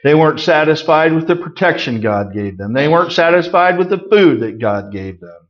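A middle-aged man preaching a conversational sermon, folksy with joking asides, swinging from loud emphasis to quiet remarks. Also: a little high, expressive, fairly quick, highs cut off. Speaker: pastor.

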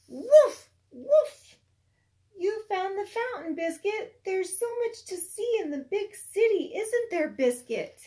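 A woman teacher with a very high, light voice reads a picture book aloud to a young child. She takes her time, gentle and sing-song, and talks to the child with patient encouragement. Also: animated, measured pace, hardly any pauses.

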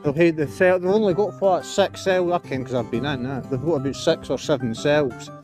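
A man's voice: fairly high pitch, fairly quick, music in the background. A Scottish man chatting casually and swearing as he films himself walking his dog on a beach. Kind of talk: casual chat while walking outdoors. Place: outdoors on a beach.

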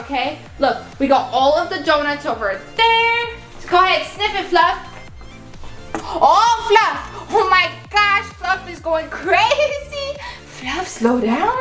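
A young woman vlogger play-acting a birthday party with plush toys, gushing and excitable, full of gasps and "like". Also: very high voice, reverberant. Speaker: vlogger staging a toy pet party.

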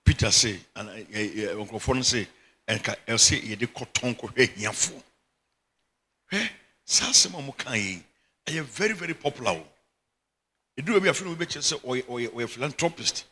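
A man's voice: medium pitch, big pitch swings, fairly quick, bright, forceful tone, husky. A middle-aged Ghanaian man preaching a sermon as bishop, emphatic and often breaking into laughter. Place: church chapel.

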